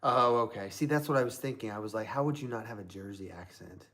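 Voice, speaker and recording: A man's voice: fairly low pitch, fast talker, fairly bright tone. A man from Southern Indiana hosting a live stream, chatting casually in a rambling way with lots of fillers.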